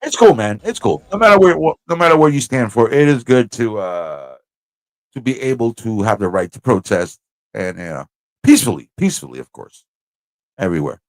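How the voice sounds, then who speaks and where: A male livestream host tells stories in a lively, swinging voice that leaps up and drops low. He swears freely and slips into quick put-on voices. The sound is dry and close, with no room around it. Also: dry recording. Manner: animated, swearing, bursts into sung lines and put-on voices. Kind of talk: casual livestream storytelling.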